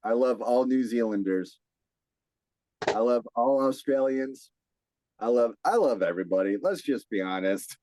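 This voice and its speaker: Brief: young male podcast host, upbeat and laughing, unhurried delivery, dry close sound. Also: medium pitch, expressive, warm tone, no echo, rough recording. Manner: upbeat, laughs often, stumbles over words. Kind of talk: casual podcast chat. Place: at home.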